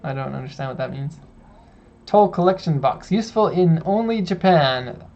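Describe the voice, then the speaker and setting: Male stream host, gravelly mid-pitched voice, casual and explanatory, lo-fi audio. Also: animated, normal speed, a little mellow. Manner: chatty, explains car details step by step. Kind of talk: casual live-stream chat.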